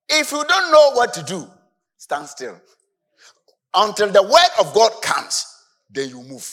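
A male preacher delivers his sermon in a fairly high, very lively voice. He drops into soft asides, then climbs to shouted emphasis. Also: takes it slowly, long pauses.

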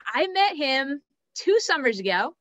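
A woman hosts a live stream and runs through updates in a chatty, enthusiastic way. Her voice is bright and slightly high. The sound is dry and close, with no room echo. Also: sing-song, unhurried. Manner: chatty, enthusiastic, laughs at names. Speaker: host and race director.

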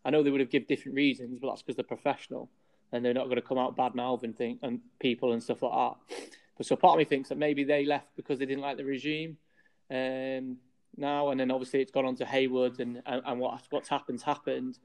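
Laid back guy chatting rugby, agreeable, loose phrasing, mid pitch. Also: level tone, fast talker, a little mellow. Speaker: podcast co-host. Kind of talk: casual rugby chat.

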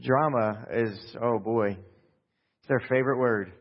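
A middle-aged man preaching a sermon in a calm, low-key, self-deprecating way, with many fillers. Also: slow pace. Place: church sanctuary during a service. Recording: echoey hall, dull lo-fi sound.

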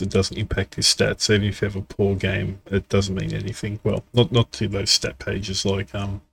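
A man's voice: lowish voice, a little hiss or hum. A man co-hosting a casual gaming podcast, giving frank, opinionated takes. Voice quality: gravelly, husky. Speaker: podcast co-host.

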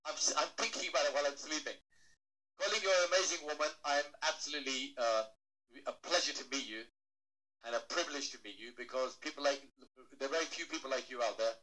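A man's voice: a little high, fast talker, bright, forceful tone, rough recording. A man giving a playful talk to a live audience as a motivational speaker, asking the crowd questions and acting out little voices.

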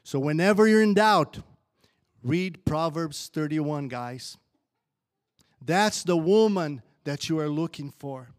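Man, somewhat high voice, informal church talk, exhorting, rambling. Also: takes it slowly. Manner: warm-hearted, exhortative, rambling. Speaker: church speaker leading a wives' appreciation.

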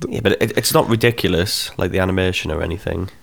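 A man chatting casually in a podcast, rambling and animated. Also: low voice, fast, vocal fry. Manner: rambling, animated, puts on silly voices. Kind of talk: casual chat.

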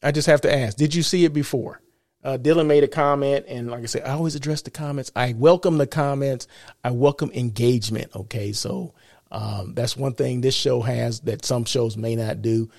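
Gravelly-voiced man hosting a casual live show. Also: mid-range voice, moderate pace, darkish tone, no echo, clean studio sound. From United States. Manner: chatty, keeps checking in with "right?", chuckles at his own jokes. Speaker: host of a live show and podcast. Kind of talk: casual live-stream talk.

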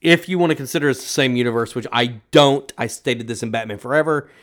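A man's voice: medium pitch, quick pace, a bit bright. A man from the United States co-hosting a podcast, talking through a movie in a casual, emphatic and opinionated way. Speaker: podcast co-host. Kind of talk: casual movie review chat.

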